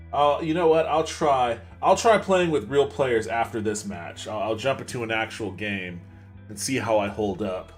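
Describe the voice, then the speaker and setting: A man riffs his way through a video game match, chatty and self-mocking, swearing freely as he goes. His voice sits at a middling pitch with game music running underneath. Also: expressive, moderate pace. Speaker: podcast host. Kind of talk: casual gameplay commentary.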